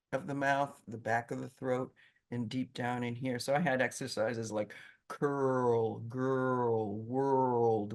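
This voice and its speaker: A middle-aged woman from Brazil, a Portuguese native speaker with a slight Brazilian accent, answering interview questions as an animated, expressive storyteller. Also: a bass voice. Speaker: medical interpreter, interview guest.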